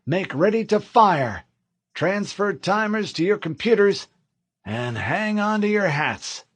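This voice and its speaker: A man's voice: high-pitched, slow pace, pitched above the performer's own voice, heavily acted. A man voicing a commanding fleet admiral. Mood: calm command. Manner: calm orders that rise to bellowing. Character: commanding male fleet admiral, calm then bellowing.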